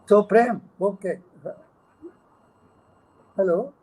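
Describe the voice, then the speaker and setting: A man, a guest speaker on a video call, telling an animated anecdote and acting out the dialogue with chuckles. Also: high-pitched, extremely slow, slight background noise, low-quality recording. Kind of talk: storytelling talk.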